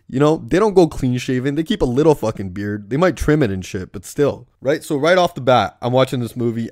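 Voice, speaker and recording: A man's voice: mid-range voice, a little mellow, dry recording. A young man rants through a movie review, swearing constantly and tagging lines with "right?". His voice sits in an average male range. The sound is dry and close, with no room around it. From Surrey, British Columbia. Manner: profane, ranting, keeps asking "right?". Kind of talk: profane comedic rant.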